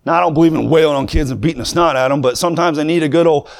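A preacher with a high voice delivers a sermon. He talks plainly at first, then builds to fervent shouting. There is a gravelly fry in his tone. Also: rapid-fire.

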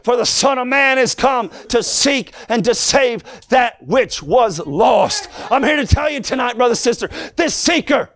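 A man preaching a fiery sermon, shouting in a sing-song cadence with swings up and down in pitch. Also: lively intonation, measured pace, hardly any pauses, dry recording.

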